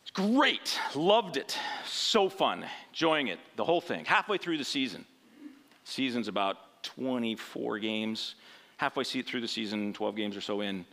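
A man's voice: mid-range voice, lively intonation, a little slow, a bit bright. A man preaching through a rambling personal story in a conversational sermon style, often checking in with "right?".

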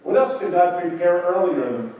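A man's voice: high-pitched, expressive, normal speed, phone-quality sound, slight background noise. A man preaching a Bible-teaching sermon and putting questions to his congregation. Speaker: pastor. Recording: roomy echo, distant mic.

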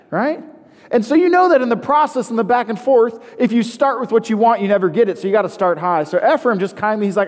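A man's voice: sits high, expressive, fast talker, long reverb tail. A man preaching a sermon, reading scripture aloud and then explaining it with casual asides. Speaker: pastor.

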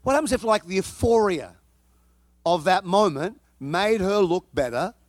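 A man with a high voice preaches a sermon, spinning a personal story with comic timing and plenty of repeated words and restarts. His voice sounds dry and close, with no room echo. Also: a little slow. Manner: animated, comic storytelling with frequent repetitions and restarts. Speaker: pastor.

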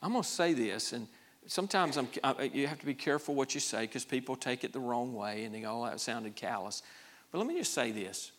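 A man pastor preaching a sermon, emphatic, often repeating words and swinging from hushed to loud. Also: medium pitch, expressive, fairly quick.

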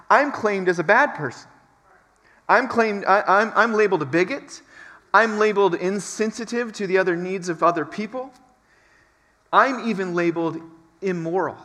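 Emphatic pastor, high bright voice. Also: male voice. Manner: emphatic, building repetition. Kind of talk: sermon. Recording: long reverb from a large hall.

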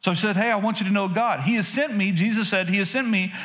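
High-voiced male pastor preaching emphatically. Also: fast, fairly bright tone. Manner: emphatic, repetitive preaching with many restarts. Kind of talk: sermon.

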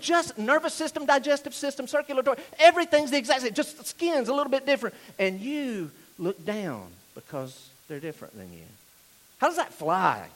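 A man's voice: on the high side, a bit bright. A male pastor with a Southern US drawl preaching a sermon in a direct, conversational way, putting pointed questions to his listeners.

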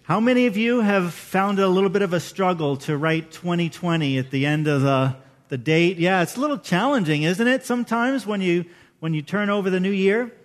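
A man's voice: high-pitched, animated, brisk. A man in his fifties preaching a sermon as pastor, chatty and emotional, often putting questions to the congregation.

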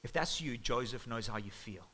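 A male pastor giving a sermon in a church, with a bright, forward tone. He speaks in a lively, conversational way as he retells the story. His pitch sits mid-range for a man. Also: normal speed, husky, poor audio.

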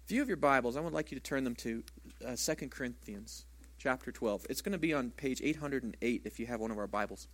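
A man's voice: medium pitch, fast talker, fairly bright tone. A man preaching a sermon as a pastor in a church, talking conversationally and asking the congregation rhetorical questions.

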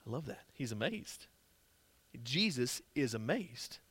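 A man's voice: mid-range voice, big pitch swings, a little slow, a bit bright, breathy edge, dry recording. A man preaching a sermon as pastor, emphatic and conversational, repeating key phrases for stress.

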